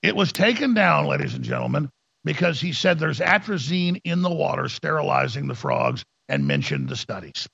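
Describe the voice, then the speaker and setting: A man's voice: on the high side, animated, moderate pace, creaky, fairly bright tone, husky, no echo, highs cut off. A man hosting a talk radio show, ranting sarcastically and mimicking opponents in mocking voices.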